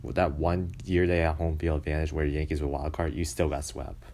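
A man's voice: extremely low pitch, flat delivery, brisk, warm tone. A man giving a casual, exasperated rant about baseball, mocking and complaining as he talks. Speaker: baseball fan commentator.

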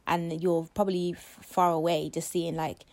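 A woman's voice: on the low side, flat delivery, moderate pace, a little mellow. A woman co-hosting a podcast, chatting casually with blunt, matter-of-fact remarks. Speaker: podcast co-host. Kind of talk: casual chat reviewing a documentary.

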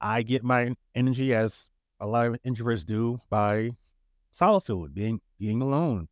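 A man's voice: mid-range voice, unhurried, no echo, studio quality. A man co-hosting a podcast in a laid-back, joking way, often restarting his words. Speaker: podcast co-host. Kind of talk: casual chat.

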